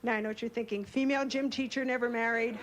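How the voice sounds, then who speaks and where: Young woman stand-up, high voice, wry punchlines, stage mic, noisy room. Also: fairly even intonation, fast. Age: young adult. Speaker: stand-up comedian. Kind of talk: stand-up comedy routine. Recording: club stage mic over a laughing crowd.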